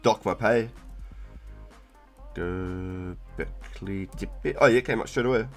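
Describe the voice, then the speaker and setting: A man's voice: medium pitch, little pitch movement, fast talker, soft background music. A young man with a New Zealand accent, chatting loosely on a live stream and rambling with lots of fillers. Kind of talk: casual live-stream chat.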